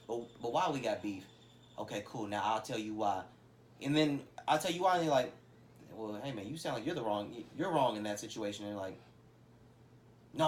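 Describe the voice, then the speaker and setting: A man co-hosting a podcast, talking in loose slangy style. He jumps into his friends' voices now and then, his pitch swinging up and down. A faint hiss sits under his voice. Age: adult, has a son. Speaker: podcast co-host. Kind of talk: casual podcast chat. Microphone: podcast microphone.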